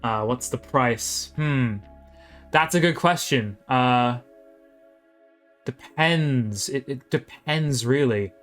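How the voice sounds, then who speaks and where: A man giving live play-by-play commentary on a video game match, calling each move quickly and chatting with viewers between plays. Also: mid-range voice, a bit bright, faint music behind.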